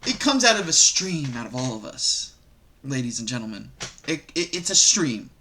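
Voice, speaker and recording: Reacting to online stories, a man rants in a loose, profane, animated style that wanders as he goes. His voice is mid-range at a normal speed, with slight background noise.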